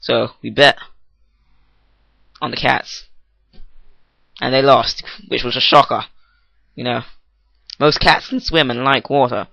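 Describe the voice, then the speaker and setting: Taking it slowly and pausing often, a teen boy tests a new mic with a goofy, improvised comedy rant that keeps interrupting itself. His mid-range voice is steady, gravelly, bright and forceful, and the recording has no echo.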